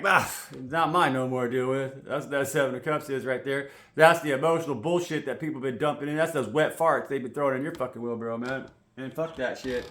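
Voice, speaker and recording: A man's voice: on the high side, a bit bright. Rambling, profane man reading tarot. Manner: rambling, profane, full of "you know" fillers. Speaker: tarot reader. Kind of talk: casual tarot reading to camera. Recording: echoey room with faint noise.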